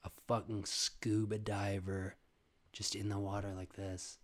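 Profane, lively man telling stories. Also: lowish voice, unhurried. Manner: profane, animated storytelling with sudden loud bursts and quiet asides. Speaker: podcast host. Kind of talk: casual storytelling monologue.

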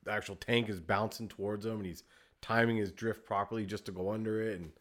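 A man co-hosting a movie review podcast, easygoing and chatty, often agreeing with quick yeahs. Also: on the low side, steady tone, fairly bright tone. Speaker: podcast co-host. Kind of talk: casual movie review chat.

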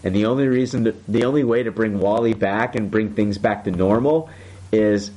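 A man casually recapping a TV episode for his co-hosts, excited and swearing freely. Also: fairly low pitch, normal speed. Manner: excited, swears a lot, acts out quotes. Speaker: podcast host recapping a TV episode. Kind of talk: casual chat.

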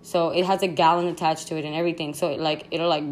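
Slangy, excitable young woman storyteller. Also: sits low, fast, few pauses, slight background noise. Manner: rambling, slangy, excitable, full of fillers. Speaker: podcast host. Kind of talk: casual storytime chat.

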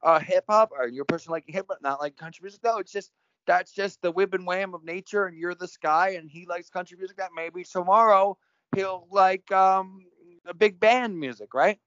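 A man's voice: high-pitched, moderate pace, fairly bright tone, no room sound. A man hosting a casual spiritual conversation, playful and joking, laughing often. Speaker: podcast host. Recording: dull lo-fi sound.

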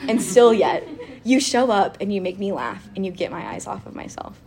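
A woman chatting casually about faith and telling a personal story, animated and quick to laugh, with lots of "like". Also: medium pitch. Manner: animated and giggly, with frequent laughter and filler "like".

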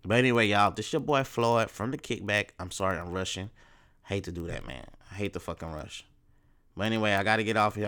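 A young man hosting a solo podcast, ranting in profane, animated street slang. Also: low voice, clear, resonant tone. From Texas, USA. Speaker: podcast host.

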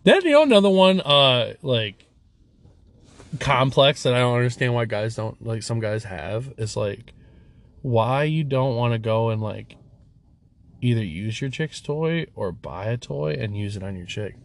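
A man's voice: medium pitch, unhurried, gravelly. A man co-hosting a casual podcast, talking bluntly and swearing freely about his trade and relationships. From Michigan. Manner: crude, swears a lot, blunt and animated. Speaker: podcast co-host.

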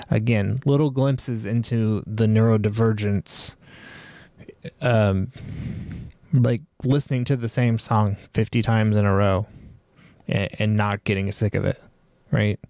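A man's voice: lowish voice, fairly even intonation, slow, pauses often, mellow, no echo. A man in his forties hosting a podcast, reflecting on his life in a rambling way with many fillers and restarts. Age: 40s. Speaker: podcast host. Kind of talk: personal reflective monologue.

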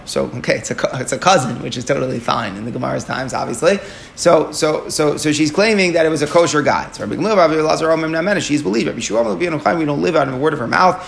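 Man, Talmud teacher, gravelly, slightly high voice, step-by-step explanation, faint noise behind. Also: fast talker. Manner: explains step by step, asking and answering his own questions; mixes Aramaic and Hebrew terms into his explanation. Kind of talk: Talmud study lesson.

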